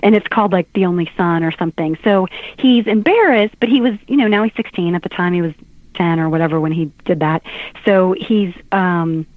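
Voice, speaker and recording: A middle-aged woman, appearing as a guest author, trades funny stories in relaxed talk-show banter, her fairly low voice moving briskly with no echo. She's an animated storyteller who laughs a lot, though the line sounds thin and phone-like.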